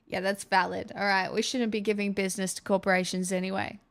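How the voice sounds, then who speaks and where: A woman's voice: mid-range voice, little pitch movement, fast. A woman with an Australian accent, chatting casually and playfully with her stream viewers, joking and laughing often. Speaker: live streamer.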